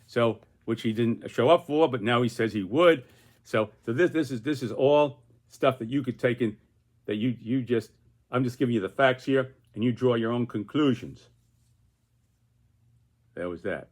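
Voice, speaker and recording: A man's voice: mid-range voice, moderate pace. An older man chatting casually on camera about his political cartoon. He rambles and keeps restarting his phrases over and over. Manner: rambling, many repeated restarts. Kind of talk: casual video commentary.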